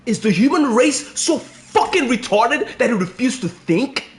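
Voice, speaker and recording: A man delivering a profane fighting-game commentary rant, swinging between low grumbling and shouted outbursts. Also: big pitch swings, unhurried, echoey room. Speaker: fighting game content creator.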